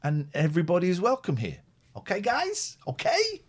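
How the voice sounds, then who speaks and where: A man's voice: sits high, wildly swooping pitch, moderate pace. A man hosts a live call-in stream, chatting loosely and reading out viewer comments. His voice rises and falls a lot as he talks. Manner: rambling, chatty, reads viewer comments aloud. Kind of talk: casual live-stream chat.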